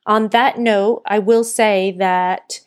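A woman's voice: mid-range voice, steady tone, slow pace. Earnest woman hosting a solo podcast. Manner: earnest, encouraging, self-correcting. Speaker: podcast host and burnout coach. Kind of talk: casual solo podcast talk.

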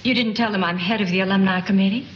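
A woman's voice: mid-range voice, fairly even intonation, fast talker, close to an everyday voice. Actress as a sugary Southern sorority mother. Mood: coaxing. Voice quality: sweet, tactful, honeyed twang. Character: sugary manipulative middle-aged sorority mother. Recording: dull hissy old film audio.

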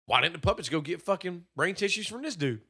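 Bright, lively-voiced young man ranting. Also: high-pitched, fast talker, breathy edge. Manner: animated, swearing, mimics characters in quotes. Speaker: podcast co-host. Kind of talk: casual profane movie-review chat.

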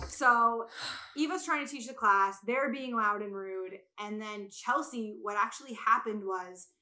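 A young woman telling a story in casual chat, animated and full of swearing, acting out quotes loudly. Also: on the high side, a little slow. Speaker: podcast guest.

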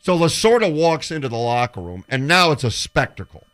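A man's voice: on the high side, fairly quick. A man on a sports talk show, telling stories and acting out the voices of the people in them. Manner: animated storyteller who acts out quotes. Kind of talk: casual radio show chat.

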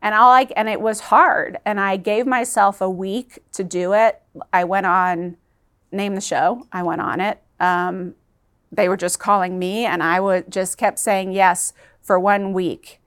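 A woman's voice: mid-range voice, fairly even intonation, fairly bright tone, clear, resonant tone. Earnest woman telling a painful story. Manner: earnest and emotional, halting at times. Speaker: interview guest. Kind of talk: emotional personal storytelling in an interview.

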